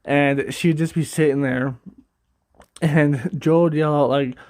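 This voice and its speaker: Rambling, laughing man with a higher voice. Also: fairly even intonation, slow, darkish tone, no echo, studio quality. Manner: rambling, profane, laughs often. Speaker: gaming video creator. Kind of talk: casual game commentary.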